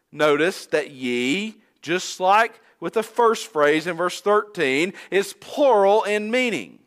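A man preaching a sermon, quoting scripture in a measured, emphatic way with falling phrase endings. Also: high-pitched, fairly bright tone.

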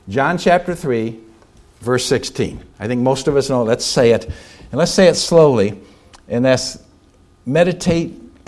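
This sermon comes from a male pastor at medium pitch who alternates loud exhortation with hushed appeals. He asks rhetorical questions and slows down on the words that matter most.

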